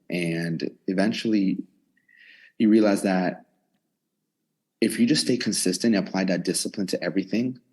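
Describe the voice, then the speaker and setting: Husky low-voiced young man telling his story. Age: 20s. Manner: candid, energetic, lively retelling with inner dialogue. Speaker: personal trainer and gym owner, podcast guest. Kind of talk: casual storytelling in a podcast interview. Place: his own gym in a converted storage unit.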